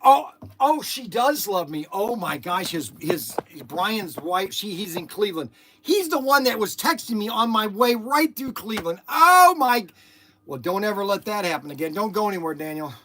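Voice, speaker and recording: A man hosting his channel from a workshop, chatting and telling stories excitedly with lots of exclamations and restarts. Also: high voice, normal speed, slight background noise. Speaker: channel host. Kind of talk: casual chat in the shop, partly on the phone.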